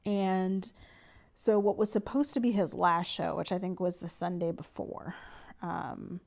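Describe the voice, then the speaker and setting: A young woman chatting to camera for her planner vlog, excited and slangy but sleepy, yawning now and then. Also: lowish voice, unhurried, creaky. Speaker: planner vlogger. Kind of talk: casual chat to camera.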